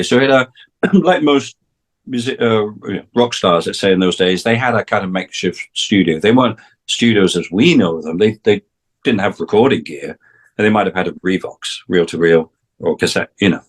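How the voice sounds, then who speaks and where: A man's voice: sits low, normal speed. A man in his sixties with an English accent, a guest on a talk show, telling long stories about his career and restarting his sentences often. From England. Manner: rambling, many restarts, acts out quoted voices. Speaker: guest, session drummer. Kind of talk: casual storytelling interview.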